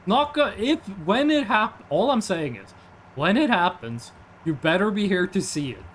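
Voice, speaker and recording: A young man chatting casually while he streams a game, rambling and reading chat aloud. His voice sits high and swings widely in pitch. A faint hum sits behind him. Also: very animated, moderate pace, fairly bright tone. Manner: rambling, reads chat aloud, jokey asides.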